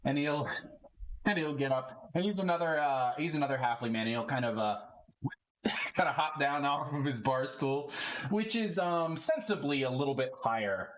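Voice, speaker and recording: A man's voice: mid-range voice, lively intonation, moderate pace. A man narrating as game master in a tabletop role-playing game, talking in a rambling way and laughing often.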